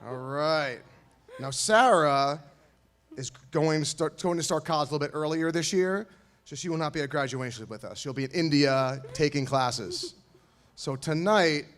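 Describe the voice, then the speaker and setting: On stage at a school awards night, a man gives a speech to the graduating students. His voice is fairly high and fairly bright, moving at a moderate pace as he jokes, encourages them, and tosses in playful asides.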